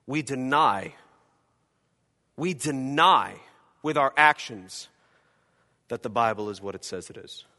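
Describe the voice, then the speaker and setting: A male pastor preaching a dramatic sermon in a church, acting out imagined voices and swinging between loud and quiet. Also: mid-range voice, moderate pace, long reverb tail. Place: church hall.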